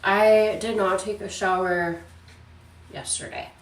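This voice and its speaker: A woman vlogging casually about her days, tired and out of breath, speaking softly. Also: medium pitch, steady tone, roomy sound, far from the mic. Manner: weary, speaking softly and slowly. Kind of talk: casual personal vlog. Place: hospital room, then home.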